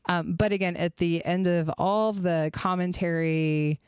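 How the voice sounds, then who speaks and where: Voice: medium pitch, fairly even intonation, unhurried, clear, resonant tone, no echo. Rambling podcast host, dry close mic. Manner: rambling, with filler words and restarts. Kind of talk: casual true-crime podcast chat.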